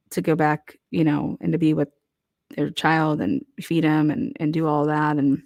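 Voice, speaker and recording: A woman's voice: deep voice, little pitch movement, moderate pace, vocal fry, darkish tone. A woman giving casual, profane true crime commentary, blunt and heated, firing off rhetorical questions.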